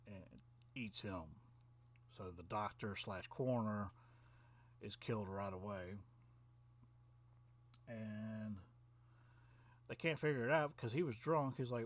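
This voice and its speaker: A man recapping a film plot in loose, rambling chat, full of fillers, restarts and little chuckles. His voice sits a bit low for a man. He sounds like a casual online reviewer talking straight to his viewers.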